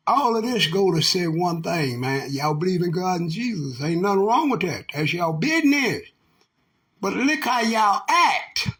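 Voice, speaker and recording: Older guy, husky and kinda high, scolding everybody, cussing a lot. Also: a bit bright. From Texas. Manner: profane, preachy, scolding. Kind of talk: casual monologue rant.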